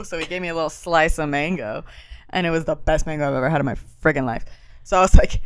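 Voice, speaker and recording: A woman's voice: sits low, fast, clean tone, dry recording. A young woman co-hosting a casual podcast, telling stories with giggles and acting out the voices of people she quotes. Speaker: podcast co-host. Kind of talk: casual chat.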